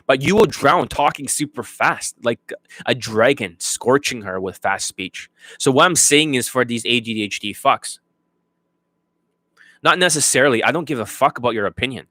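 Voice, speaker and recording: A man's voice: medium pitch, animated, moderate pace, sharp tone, no echo. A man working as a dating coach, ranting bluntly and profanely to his students. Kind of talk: unscripted monologue to students.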